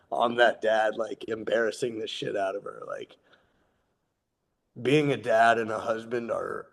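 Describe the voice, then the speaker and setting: A man in his thirties speaks at a sobriety meeting with a low, gravelly voice that keeps slipping into fry. He talks in an earnest, heartfelt way, plain-spoken and candid, with casual swearing. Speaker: guest speaker sharing his recovery story.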